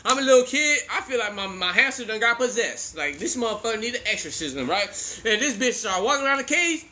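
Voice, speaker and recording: A man's voice: very high-pitched, very animated, quick pace, sharp tone, a little hiss or hum. A man in his forties telling a funny childhood story in casual, profane slang, laughing often as he goes.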